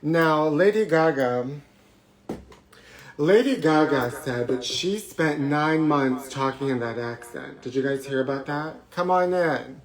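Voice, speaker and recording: A man's voice: fairly high pitch, unhurried. A man hosting a live show, talking in a theatrical, gossipy way and jumping from topic to topic. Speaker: host of a live trash-talk show. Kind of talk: campy live-stream monologue. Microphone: forgot to put on his microphone.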